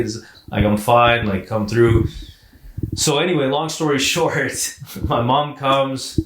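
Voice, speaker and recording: A man co-hosting a podcast, telling a personal story in a casual, animated way, swearing and saying "like" often. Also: mid-range voice, roomy sound, slight background noise. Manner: animated, profane, repeats words and says "like" often. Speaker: podcast co-host.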